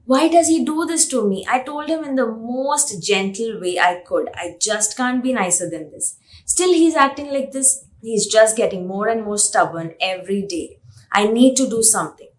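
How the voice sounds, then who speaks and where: A woman's voice: a little high, lively intonation, moderate pace, lightly acted. A woman voicing a frustrated, exasperated parent of a toddler, in a complaining inner monologue.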